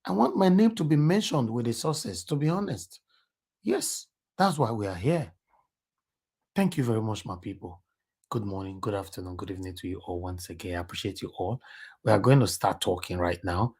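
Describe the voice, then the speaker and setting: A man's voice: fairly low pitch, lively intonation, a little fast, darkish tone, slightly rough. A man with a Nigerian Pidgin English accent hosting a live online talk show, switching between Pidgin and English and teasing his callers. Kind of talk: live stream chat with callers.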